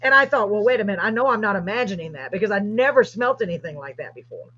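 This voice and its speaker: Woman, host, animated storytelling, husky, dull lo-fi livestream sound. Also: mid-range voice, fast talker. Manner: animated, excited retelling. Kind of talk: casual storytelling.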